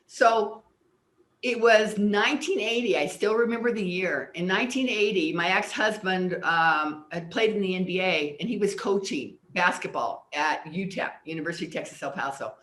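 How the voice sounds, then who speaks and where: An older woman, a personal development teacher, appears as a guest on an interview show, earnestly explaining ideas and sharing personal stories, sometimes repeating words as she remembers. Her voice is fairly low and fairly bright, at a normal speed. The recording has a roomy echo.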